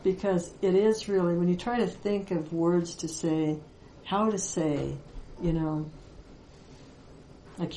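Woman spiritual teacher, low and mellow, reflective and pausing, recorded in a roomy space with faint background noise. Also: steady tone. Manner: reflective, with many pauses and fillers. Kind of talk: Vedanta teaching talk.

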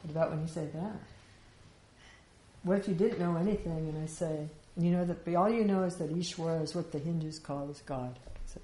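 A woman with a low, mellow voice gives an informal spiritual teaching a little fast, speaking conversationally with rhetorical questions and light laughs. The room is echoey, with faint ambience in the background.

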